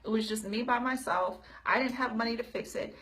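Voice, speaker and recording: A woman, talking through her thoughts in a personal video diary, halting and full of fillers and restarts. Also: on the high side, fairly bright tone. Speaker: video diarist. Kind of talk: personal reflective talk.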